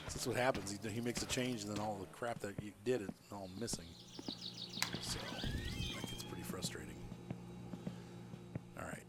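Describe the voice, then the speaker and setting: A talkative man streaming a game from home, his pitch rising and falling freely as he rambles and laughs along. Loud background noise runs under his voice throughout the recording. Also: wildly swooping pitch, moderate pace, long pauses. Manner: chatty and rambling, laughs often. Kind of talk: live gameplay stream commentary.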